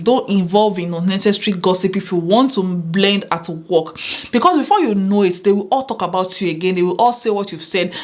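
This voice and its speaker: Woman, mid-pitched, earnest advice vlogger who drives points home by repetition. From Nigeria. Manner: earnest, repeats phrases for emphasis. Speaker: vlogger giving workplace advice. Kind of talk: casual advice talk to camera.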